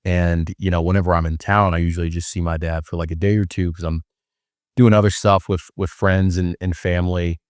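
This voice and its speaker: A young podcast host from Wisconsin spins stories loosely and jokingly, packed with filler words. His low voice comes across flat and a little fast, recorded dry with a clean studio sound.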